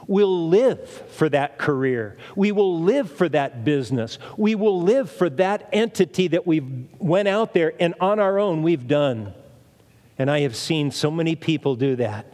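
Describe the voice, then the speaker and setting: A man's voice: on the high side, lively intonation, a little slow, a little mellow. A man preaching a sermon in an emphatic way, repeating phrases and asking rhetorical questions. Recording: long reverb of a large hall.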